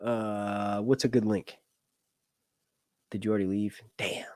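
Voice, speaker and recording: A man's voice: lowish voice, level tone, measured pace, darkish tone, no echo, studio quality. A man hosting a casual livestream chat, rambling with lots of fillers and jokes. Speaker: host.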